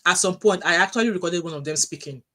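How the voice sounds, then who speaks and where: A woman's voice: lowish voice, quick pace. Chatty Nigerian woman livestreaming. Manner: animated storytelling with frequent restarts, reads out chat messages. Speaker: livestream host reading viewer comments. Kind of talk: casual livestream chat.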